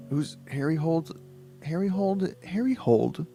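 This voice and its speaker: A tired man reads a book aloud on a late-night stream, breaking off to ramble, swear and joke at himself. His voice sits at an ordinary middle pitch. Faint guitar music plays in the background. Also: moderate pace, creaky. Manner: rambling, swearing, self-mocking. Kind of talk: casual reading stream commentary.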